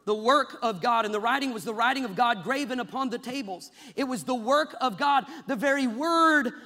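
A man in his thirties preaching a fervent sermon, building to loud climaxes. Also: very high-pitched, brisk, in a large hall.

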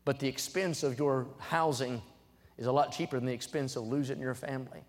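A young man preaching a sermon in a church, emphatic and rising to loud, fervent peaks, reading scripture aloud between his points. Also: mid-range voice, fairly even intonation, a little fast, long reverb tail. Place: church sanctuary.

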